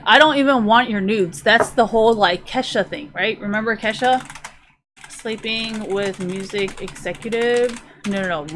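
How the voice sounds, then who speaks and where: A woman's voice: on the high side, fairly bright tone, slight background noise. A woman streamer ranting to her live chat, profane and rambling, sometimes drifting away from the mic as she browses.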